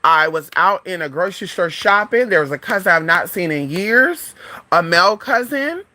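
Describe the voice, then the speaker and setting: A woman's voice: on the low side, expressive, normal speed, sharp tone. A woman in a casual storytime vlog, telling a frank, profane story in a chatty way. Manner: acts out other people's voices in quotes. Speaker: vlogger.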